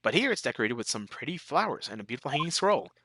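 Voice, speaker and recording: Lively let's player reading game text. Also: medium pitch, fast, background noise. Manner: reads game text aloud with joking asides. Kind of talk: casual gameplay reading. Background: game music.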